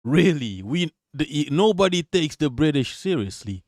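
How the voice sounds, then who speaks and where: A man's voice: a little high, big pitch swings, measured pace, no room sound, studio quality. Profane, slangy male livestream host. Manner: profane, slangy, shouts out chat. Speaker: livestream host reacting to a video. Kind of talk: casual livestream commentary.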